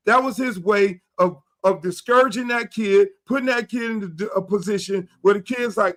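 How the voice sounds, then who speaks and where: A middle-aged man hosting a sports talk show, animated and profane, acting out quoted dialogue as he rants. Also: high voice, moderate pace, few pauses. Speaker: show host.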